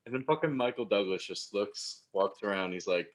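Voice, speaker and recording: Man, podcast co-host, lower pitch, laid-back, casual movie chat. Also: expressive, a little fast. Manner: laid-back, laughs along, chimes in.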